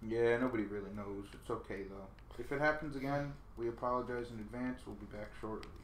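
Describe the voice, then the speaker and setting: A man's voice: medium pitch, a little fast, roomy sound, a little hiss or hum. A man streaming a game from home, chatting in a laid-back way with friends and viewers. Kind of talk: casual game stream chat.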